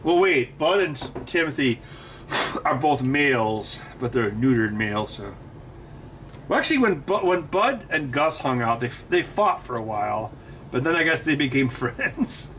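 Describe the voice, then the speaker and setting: A man's voice: mid-range voice, big pitch swings, normal speed, fairly bright tone, distant mic, a little hiss or hum. A man hosting a livestream, chatting casually and joking at his own expense while he builds. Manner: self-mocking, joking, trying impressions. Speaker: host.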